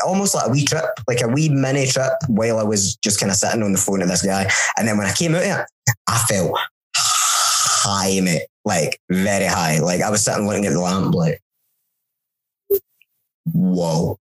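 A young Scottish man co-hosting a podcast, telling stories with sweary, animated banter. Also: fairly low pitch, rough recording. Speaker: podcast co-host. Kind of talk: casual chat.

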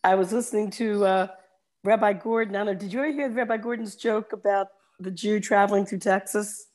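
A woman's voice: mid-range voice, fairly even intonation, brisk, darkish tone. A woman chatting casually as a guest, rambling through stories and laughing easily. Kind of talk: casual chat and joke telling.

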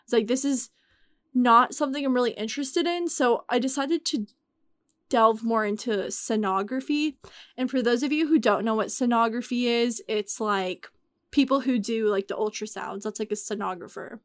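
A woman's voice: a little high, moderate pace, no echo. Emotional young woman, dry close sound. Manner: chatty, many fillers. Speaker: guest telling her story. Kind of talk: casual podcast chat.

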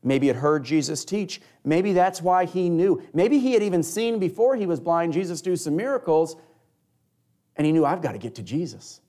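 A man preaching a sermon, telling a scripture story in an animated way and acting out the people in it. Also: high-pitched, moderate pace.

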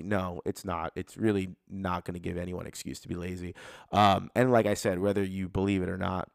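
A man's voice: deep voice, fast talker, vocal fry, dry recording, studio quality. A man hosting a solo podcast, ranting casually with lots of swearing and acting out people's inner voices. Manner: casual, profane, animated, acts out quoted inner voices. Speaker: podcast host.

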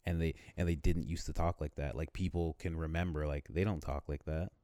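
A man from the Caribbean co-hosting a casual chat, repeating himself and stacking quick strings of yeahs. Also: a bass voice, steady tone, mellow, dry recording, clean studio sound.

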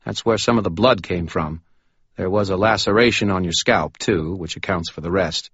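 A man's voice: low voice, normal speed, a bit bright, husky, no echo, highs cut off, exaggerated voice. A man voicing a jittery, fussy little male medical examiner who sputters in exasperation, in an audiobook. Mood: fussing. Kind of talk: audiobook character voice.

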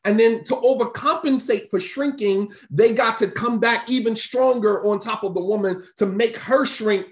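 A religious teacher delivers an informal sermon, conversationally preaching and repeating his points emphatically. His voice sits high, at normal speed with hardly any pauses, in a roomy, dull lo-fi recording.

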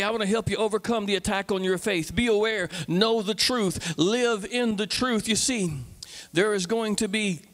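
A man's voice: high-pitched, a bit bright, long reverb tail. A man preaching as a pastor, speaking emphatically with repetition and call-and-response. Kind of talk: sermon.

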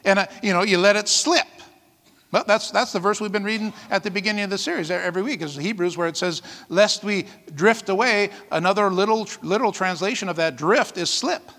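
A man preaches a sermon with a high, bright voice that carries a long reverb from the hall around him. His delivery is lively and conversational, and he keeps checking in with the congregation. He breaks into light laughter between his points. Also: a little fast. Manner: lively preaching, frequent "amen?" calls, laughs often. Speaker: pastor.

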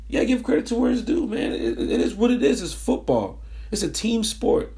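A man hosting a sports fan podcast, his voice hoarse from screaming, talking in energetic, repetitive hype. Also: high voice, brisk. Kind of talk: casual sports fan monologue.

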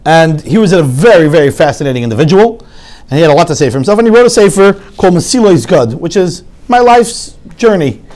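A man giving an animated sermon full of stories, often restarting his sentences and acting out quotes. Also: fairly high pitch, fast talker. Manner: lively, frequent restarts, acts out quotes.

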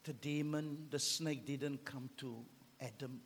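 A man preaching a fiery sermon as pastor, swinging between shouts and hushed whispers. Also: medium pitch, steady tone, slow, husky. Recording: long hall reverb.

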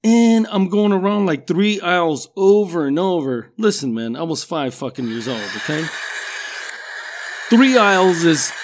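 A man's voice: high voice, animated, measured pace, a little hiss or hum. A middle-aged man from a Mexican-American background telling casual, profane stories in a rambling way, laughing at himself. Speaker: storyteller.

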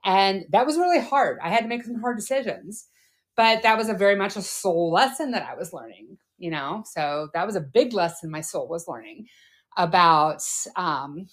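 A woman in her forties co-hosting a podcast, talking candidly and earnestly about her own past, often trailing off softly. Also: medium pitch, animated, normal speed. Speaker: podcast co-host.

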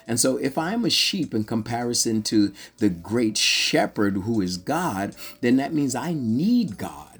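Fervent husky male Bible teacher. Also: mid-range voice, big pitch swings, a little slow, few pauses. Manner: fervent, call-and-response asides. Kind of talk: preaching-style Bible teaching.

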